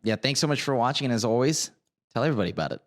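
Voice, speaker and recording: A man's voice: mid-range voice, lively intonation, racing. A man co-hosting a casual podcast chat on a podcast microphone, rambling with many "like" fillers. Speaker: podcast co-host.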